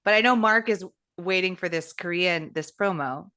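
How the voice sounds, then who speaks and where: Woman, podcast co-host, reflective, low pitch, bright tone. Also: moderate pace. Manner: reflective, thoughtful. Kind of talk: casual podcast chat.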